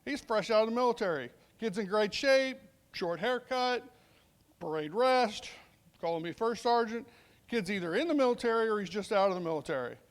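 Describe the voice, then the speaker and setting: High-voiced middle-aged man telling a story. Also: lively intonation, moderate pace. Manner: conversational, acts out dialogue in the story. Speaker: police sergeant speaking at a veterans summit. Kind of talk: storytelling speech.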